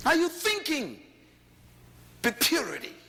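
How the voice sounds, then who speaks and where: Brief: Bahamian man preaching, lively swooping delivery, bright voice, big echoing hall. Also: very high-pitched, unhurried, creaky, slight background noise. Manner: animated storytelling, rising to shouts. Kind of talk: sermon. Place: large hall before a congregation.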